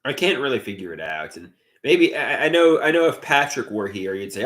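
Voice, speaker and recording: A young man with a Long Island accent chatting casually on a livestream, rambling and hesitant as he reads out viewer comments. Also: moderate pace. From Long Island, New York. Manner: rambling, hesitant, lively pitch. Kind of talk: casual live stream chat, reading comments.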